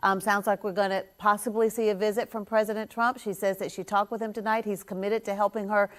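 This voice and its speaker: A woman news anchor wrapping up live election coverage in a measured, steady way. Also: mid-range voice.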